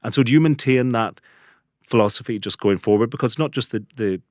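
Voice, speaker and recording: A man's voice: mid-range voice, darkish tone, no room sound, clean studio sound. A man hosting an interview, asking questions and musing thoughtfully on business. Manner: rapid, thoughtful, reflective. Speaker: podcast host.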